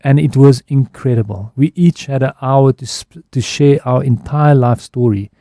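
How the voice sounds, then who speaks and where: Gravelly-voiced man. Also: mid-range voice, moderate pace, mellow, no room sound, studio quality. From South Africa. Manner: reflective, candid, restarts phrases. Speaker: guest, advertising executive. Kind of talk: radio interview conversation. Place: radio studio. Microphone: studio microphone.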